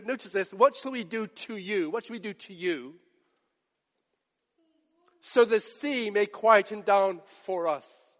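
A man preaching a sermon, dramatic, drawing out quoted lines slowly and softly for emphasis. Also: extremely high pitch, big-room sound.

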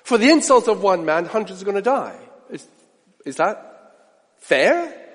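High, lively-voiced male preacher in a reverberant hall. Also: unhurried, husky. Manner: dramatic, rhetorical questions, drops to hushed asides. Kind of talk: sermon. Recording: long reverb of a large hall.

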